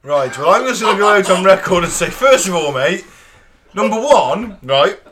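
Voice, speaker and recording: A man co-hosting a podcast, ranting and swearing in animated casual chat. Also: sits high, normal speed, background noise. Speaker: podcast co-host.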